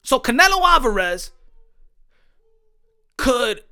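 An American man giving heated opinions on boxing in an animated, profane, repetitive rant. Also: extremely high pitch, slow, creaky, clean tone. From United States. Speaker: boxing commentator.

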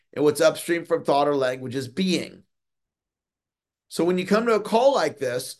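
A middle-aged man coaching on a motivational call, earnest, often slowing down to stress key words and repeating phrases. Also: on the high side. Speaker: sales coach.

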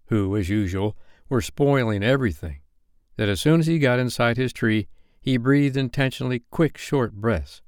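A man reading a bedtime story aloud, his voice moving widely and expressively. His narration is gently wry, and the sound is close and dry. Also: lowish voice, no room sound.

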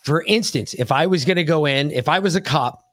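A man's voice: fairly high pitch, a little fast. A man co-hosting a podcast, telling stories in a casual, profane way and cutting in to correct his co-host. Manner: animated, profane storyteller who cuts in to correct. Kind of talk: casual storytelling chat.

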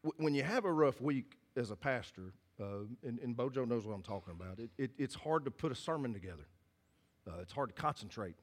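Earnest pastor preaching a sermon. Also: male voice, mid-range voice, expressive, brisk. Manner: earnest, folksy, repeats and restarts phrases. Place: church hall with congregation.

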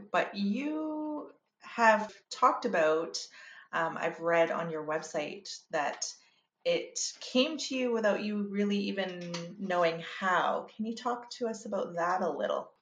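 A woman's voice: mid-range voice, expressive, slow pace, fairly bright tone, lo-fi sound. A woman hosting a podcast, interviewing her guest with enthusiastic, affirming remarks. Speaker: podcast host. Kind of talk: casual interview conversation. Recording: echoey room.

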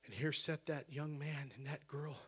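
A man preaching a sermon as pastor, with an American accent, telling a story quietly and then rising to loud, shouted preaching in a church. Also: on the high side, steady tone, normal speed, husky. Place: church sanctuary.

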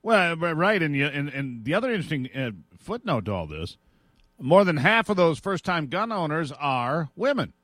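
Guy hosting a talk radio show, opinionated, bit high voice, dry close mic. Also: sing-song, moderate pace, fairly bright tone, dry recording. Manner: opinionated, chatty, laughs easily. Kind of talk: casual political talk radio.

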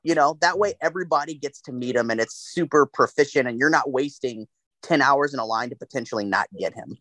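A man telling animated, profane anecdotes in a casual podcast chat. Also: mid-range voice, brisk, dry recording.

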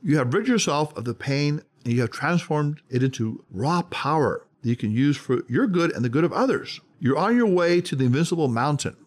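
A man hosts a self-help podcast, reading from a script. His voice sits on the high side with lively intonation, and his delivery is emphatic and measured, slowing down on key words.

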